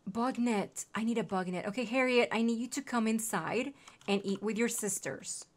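A woman's voice: on the high side, normal speed. A young woman streaming a game, chatting casually and cooing at her in-game pets. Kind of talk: casual gameplay commentary.

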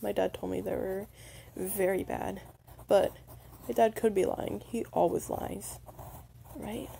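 A woman's voice: mid-range voice, fairly even intonation, measured pace, gravelly, warm tone, a little hiss or hum. A young woman playing a shy, lonely undead young being in a role-play spoken to the listener, stuttering and hesitant.

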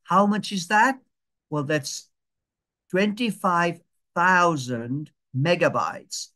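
Speaking high and with a pushed, bright quality, a man patiently teaches a digital skills class via video call. Each step gets repeated slowly while he checks that the group is following.

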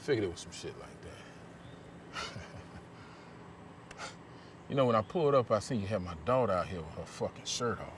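A man's voice: lowish voice, expressive, normal speed, long pauses, natural voice. An actor playing a furious, profane father who threatens a man with a gun, recorded outdoors in the woods from a distance. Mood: menacing. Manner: profane, menacing, shouting bursts. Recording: distant mic with clear outdoor noise.

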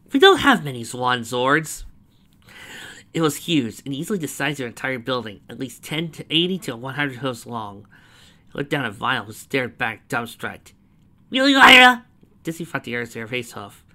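A man's voice: mid-range voice, brisk, pushed and bright. A man reading a fanfiction story aloud, adding chatty asides between the narration.

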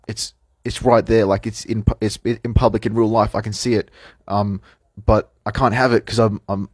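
A man's voice: lowish voice, a little mellow, husky, no echo. A young Australian man vlogging casually to camera, rambling and frank, with lots of fillers and restarts. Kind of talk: casual vlog talk to camera.

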